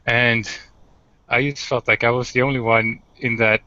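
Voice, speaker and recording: A man on an online group discussion, telling a story in a calm, measured way. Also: mid-range voice, no room sound. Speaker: round table panelist. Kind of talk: casual chat. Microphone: video call. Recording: dry, slightly muffled call audio.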